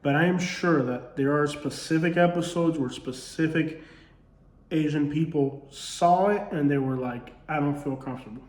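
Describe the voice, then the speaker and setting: A man's voice: a little high, measured pace, roomy sound. A man with a Southern accent, a comedy creator speaking in a casual commentary monologue, earnest and full of rhetorical questions. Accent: Southern US, Alabama-tinged.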